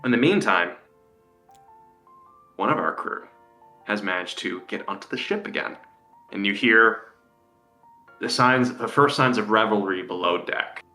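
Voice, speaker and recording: A man's voice: lowish voice, animated, unhurried, pauses often, pushed and bright, echoey room, faint music behind. A man narrating a tabletop game as game master, drawing out his descriptions.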